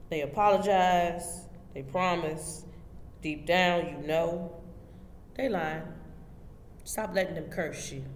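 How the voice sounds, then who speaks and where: A woman delivers a motivational spiritual talk, pressing each point with the emphatic push of a preacher and speaking straight to her listeners. Her voice rings through a roomy hall with a long reverb tail. A faint background hum sits underneath. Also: on the low side. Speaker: host.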